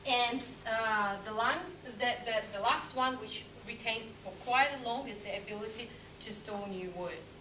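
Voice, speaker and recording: A woman's voice: a little high, steady tone, a little slow, bright, forceful tone. A woman teacher giving a presentation, hesitant with many ums and slightly unidiomatic English. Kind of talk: lecture presentation. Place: room or hall with audience. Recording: echoey room from far off with noise.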